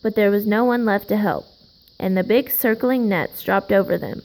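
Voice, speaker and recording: A woman reads a children's picture book aloud in a slow, gentle way. Her voice has a gravelly fry to it, and she gives the characters a little life as she goes. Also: medium pitch, poor audio. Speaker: storybook reader.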